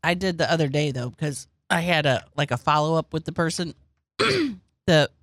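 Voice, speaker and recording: A woman with a lively, swooping voice chats on a podcast, joking and spinning rambling stories. The sound is close and dry, with no room around it. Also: sits low, moderate pace, no room sound. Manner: playful, jokey, rambling storyteller. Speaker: podcast co-host. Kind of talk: casual podcast chat.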